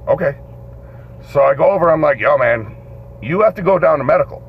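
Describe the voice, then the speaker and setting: A man hosting a live show, telling a story in an animated way, swearing and acting out the voices in it. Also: medium pitch, brisk, pauses often. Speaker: host. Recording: dull lo-fi stream audio with faint noise.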